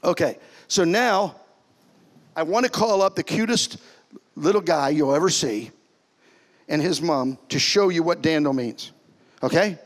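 A man preaching as a pastor in a church, animated, swinging between loud calls and soft, hushed lines. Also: on the high side, measured pace, long pauses. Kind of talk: sermon. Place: church sanctuary.

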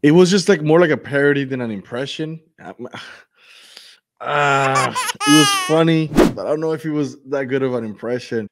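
A man's voice: mid-range voice, normal speed. A man hosting a reaction video, chatting casually and rating clips with fillers and laughs.

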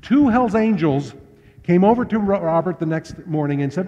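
A man's voice: high-pitched, lively intonation, normal speed, warm tone. Man preaching in a reverberant hall. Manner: conversational, anecdotal storyteller. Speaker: pastor. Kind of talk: storytelling sermon. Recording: dull lo-fi sound with long hall reverb.

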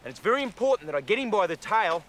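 A man with an Australian accent presenting wildlife outdoors, excitable and full of quick exclamations. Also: sits high. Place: outdoors in the bush. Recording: noisy outdoor field recording.

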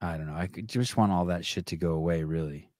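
A man's voice: low voice, quick pace, a little mellow, no echo, clean studio sound. A man hosting a podcast in casual chat, rambling and swearing often, with many restarts. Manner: rambling and profane, with frequent restarts. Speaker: podcast host.

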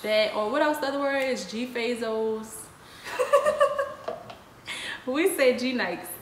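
A young woman with a New Orleans accent, casually explaining local slang words in a relaxed, easygoing way. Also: a little high, normal speed. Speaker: co-host. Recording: echoey room with faint noise.

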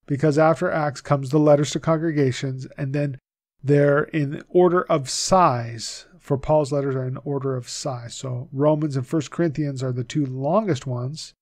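A man's voice: fairly high pitch, steady tone, darkish tone, no echo. Patient man teaching in a dry room. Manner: patient, repeats names slowly to drill them. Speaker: Bible teacher. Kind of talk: instructional video lesson.

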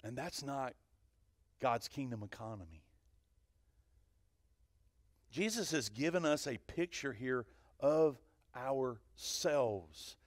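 Male pastor, mid-pitched, lively sermon delivery, dry close sound. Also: slow, pauses often, dry recording. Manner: animated, swings between loud and hushed; asks the congregation questions. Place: church sanctuary.

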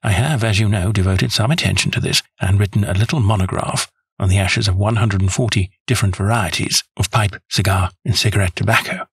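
A man narrating a classic story in the first person, in an even, measured way. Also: on the low side, vocal fry, breathy edge, no echo, clean studio sound. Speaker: audiobook narrator.

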